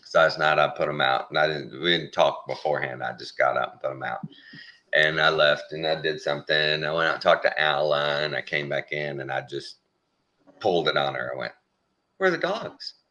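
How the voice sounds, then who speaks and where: A man hosting a casual chat, telling animated stories and laughing often. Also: extremely low pitch, a little fast, highs cut off. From Texas. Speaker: host.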